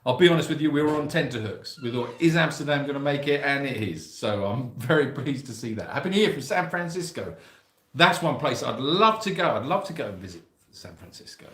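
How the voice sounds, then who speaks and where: A man's voice: mid-range voice, a bit bright. A man co-hosting a casual live stream, reading out viewer greetings and joking along. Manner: chatty, jokey, reads out viewer greetings. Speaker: sanctuary co-host reading live chat. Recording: roomy echo.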